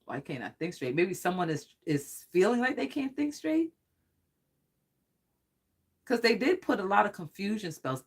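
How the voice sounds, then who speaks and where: Excitable, rambling tarot reader. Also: mid-range voice. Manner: excitable and rambling, often laughing and swearing. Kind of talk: casual livestream tarot reading.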